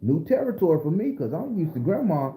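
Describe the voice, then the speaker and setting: A middle-aged man from southern Florida tells a story in a casual, streetwise style, cursing freely. His voice is dark and his pitch swings widely. He sits in an echoey room. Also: a little fast, a little hiss or hum. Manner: animated, profane, streetwise storytelling. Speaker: storyteller host.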